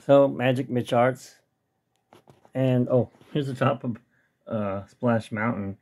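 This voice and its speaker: Man, casual hobby vlogger, mid-pitched, rambling as he tinkers, webcam at home. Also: slow, a little mellow. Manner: rambling, talks to himself while tinkering. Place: home hobby room with model train layout.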